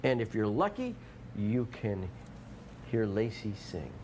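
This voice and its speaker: A man's voice: lowish voice, sing-song, slow pace, a little mellow, slight background noise. A man co-hosting a local TV deals show, chatting and teasing his co-host in a playful, easygoing way. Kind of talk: casual on-air banter. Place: local TV studio.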